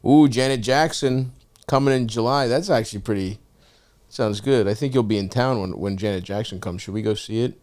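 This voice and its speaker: A male podcast host who reads ads and banters with his guests. He swears freely, jokes constantly and keeps the energy up. His voice sits at a middling pitch for a man. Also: brisk. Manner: profane, animated, jokey. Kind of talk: casual chat and ad read.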